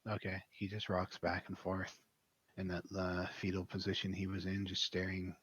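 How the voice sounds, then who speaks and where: Deep, husky young dungeon master. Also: male voice, monotone, normal speed, a bit bright, highs cut off. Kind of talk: narrating a tabletop game.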